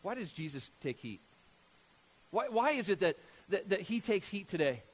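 A man with a notably high voice preaches a sermon, reading scripture and commenting on it. He talks with lively emphasis, swinging between hushed points and loud rhetorical questions aimed at his listeners. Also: normal speed, husky.

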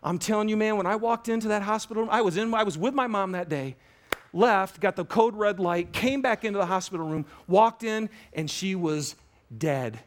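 A man preaching a sermon to a congregation, animated, stretching key words and dropping to a hush for emphasis. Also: high voice. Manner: animated preaching, swinging from loud emphasis to hushed, drawn-out words. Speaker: pastor. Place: church auditorium with a congregation.

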